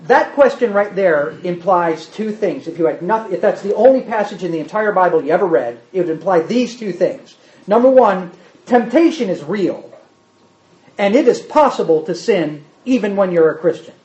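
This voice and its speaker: Preacher, male, emphatic, animated delivery, muffled lo-fi recording. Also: high voice, normal speed, roomy sound. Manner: emphatic, asks the congregation rhetorical questions. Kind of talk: sermon. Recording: dull lo-fi sermon recording.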